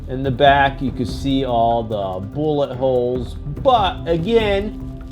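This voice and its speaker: Brief: jokey male toy reviewer, slow unhurried delivery, background music. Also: medium pitch, lively intonation. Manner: playful, laughing, jokey. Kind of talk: toy unboxing vlog.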